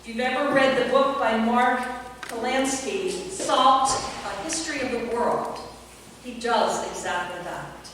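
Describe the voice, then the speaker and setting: A woman pastor preaching a sermon slowly and emphatically, with long pauses. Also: on the high side, background noise. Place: church sanctuary. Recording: echoey church hall from far off.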